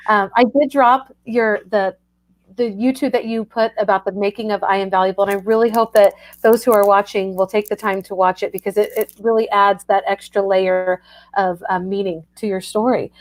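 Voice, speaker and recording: A woman's voice: medium pitch, fairly even intonation, normal speed. A woman hosting a casual chat, responding with gushing enthusiasm. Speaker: host.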